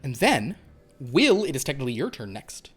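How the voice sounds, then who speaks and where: A man's voice: medium pitch, big pitch swings, moderate pace, a bit bright, slightly rough, soft background music. A man narrating a horror tabletop game as game master, rambling with many fillers and restarts.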